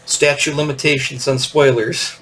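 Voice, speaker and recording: A man's voice: medium pitch, fairly even intonation, normal speed, bright, forceful tone, recorded from a distance, poor audio. A man in his fifties hosting a casual show-and-tell, meandering with lots of fillers and little chuckles. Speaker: podcast host.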